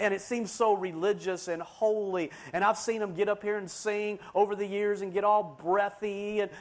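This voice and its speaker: High-voiced man preaching a fiery sermon. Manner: swings between loud emphatic preaching and hushed asides.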